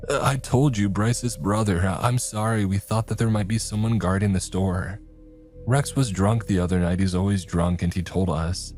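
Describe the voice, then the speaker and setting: A man's voice: on the low side, fairly even intonation, normal speed, darkish tone, faint music behind, voice pushed up, close to an everyday voice. Man voicing a stammering nervous teenage boy. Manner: stammering, hesitant. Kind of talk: horror story narration.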